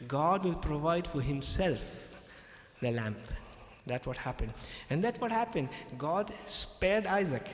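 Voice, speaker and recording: A man's voice: on the high side, a little hiss or hum. A man, a pastor in a public debate, retelling a scripture story emphatically, repeating key phrases and checking in with the audience. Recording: echoey hall with long reverb.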